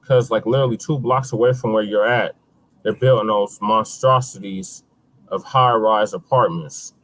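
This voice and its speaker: A man on a casual podcast, calmly reasoning and setting the facts straight. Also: lowish voice, normal speed, rough recording. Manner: calm, reasoning, corrective. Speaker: podcast co-host. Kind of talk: casual chat.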